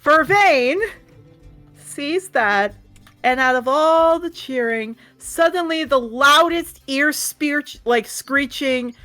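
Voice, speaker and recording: A woman narrating a tabletop game as game master, animated and often laughing. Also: high-pitched, slow. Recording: faint background music.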